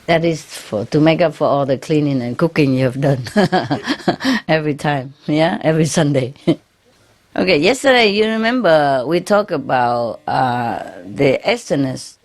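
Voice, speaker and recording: Low-voiced woman giving a chatty spiritual talk. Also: expressive, a little slow, darkish tone. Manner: chatty, laughs often, ends phrases with "yeah?"; non-native English grammar, frequent fillers and restarts. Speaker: spiritual teacher. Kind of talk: informal spiritual talk to followers.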